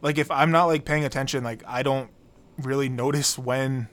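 A man co-hosting a casual music podcast, relaxed and swearing freely while breaking down lyrics. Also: mid-range voice, normal speed. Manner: laid-back, swears casually, stammers on restarts. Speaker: podcast co-host. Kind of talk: casual album review chat.

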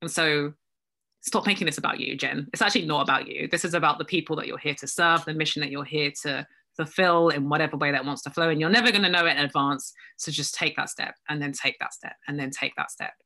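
A woman with a bright, forward voice talks as a guest in a relaxed interview. She is reflective and self-deprecating and often breaks into laughter as she shares her thoughts. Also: deep voice, fast talker, few pauses. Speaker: guest, business coach. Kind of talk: casual conversational interview.

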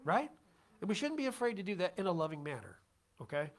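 A man's voice: high voice, big pitch swings, fast. A man preaching a casual, conversational sermon as pastor, chatty and self-deprecating, often checking in with his congregation.

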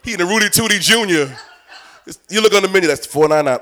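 A man's voice: high voice, animated, rapid-fire, fairly bright tone. A man preaching a sermon as bishop, asking the crowd questions and acting out little scenes.

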